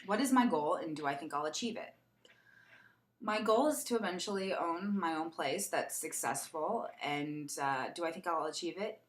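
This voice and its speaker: A young woman chatting casually in a get-to-know-me vlog, animated and laughing as she tells a story. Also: lowish voice, moderate pace. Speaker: beauty vlogger. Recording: echoey room.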